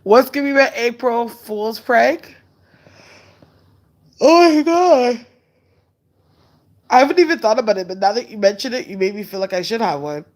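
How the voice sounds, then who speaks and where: Chatty woman hosting a casual livestream. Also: mid-range voice. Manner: chatty, loose and candid, with frequent fillers; relaxed and unhurried. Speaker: livestream host. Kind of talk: casual live-stream chat, reading comments.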